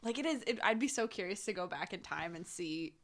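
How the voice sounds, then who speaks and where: A woman's voice: fairly low pitch, expressive, fairly quick, fairly bright tone. A woman chatting on a podcast, earnest and enthusiastic about a film's characters. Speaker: podcast guest. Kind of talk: casual chat.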